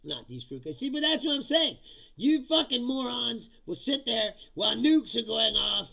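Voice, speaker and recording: Gravelly, bright-voiced comedic man. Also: very high voice, sing-song, moderate pace. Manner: profane, mocking, laughs often. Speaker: host. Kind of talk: live political comedy stream reading chat. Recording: dull lo-fi sound.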